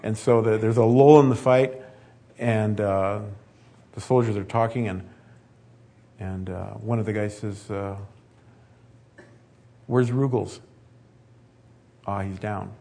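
A man delivering a sermon with a husky, slightly breathy voice. He talks to the congregation in an easy, conversational way, then pushes into loud, emphatic stretches. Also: fairly low pitch, fairly even intonation, unhurried, pauses often. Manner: conversational, building to emphatic peaks. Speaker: preacher.

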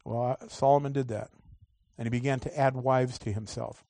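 A man preaching a sermon, moving between loud, drawn-out emphasis and quiet asides. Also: mid-range voice, fairly even intonation, no room sound.

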